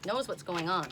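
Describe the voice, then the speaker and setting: A woman's voice: on the low side, heavy background noise. Blunt woman reading oracle cards outdoors. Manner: blunt, indignant asides between readings. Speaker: tarot and oracle card reader.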